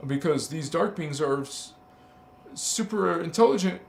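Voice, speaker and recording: A man's voice: a little high, gravelly, reverberant, a little hiss or hum. A man hosting a casual spiritual livestream, teasing and emphatic, laughing often as he talks to viewers.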